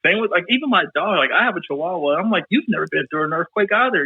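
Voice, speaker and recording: A man chatting casually as a podcast guest, telling animated stories and laughing often. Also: high voice, racing, breathy edge, no echo. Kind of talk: casual chat. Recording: tinny phone-like line.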